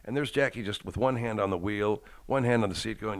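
Man, podcast host, very deep voice, casual rambling chat, profane, self-mocking. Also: steady tone, brisk. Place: home.

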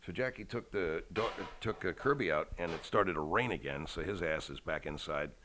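A man's voice: sits low, moderate pace, background noise. A man hosting a podcast, rambling casually with profane, self-deprecating humor at home. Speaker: podcast host. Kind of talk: casual chat.

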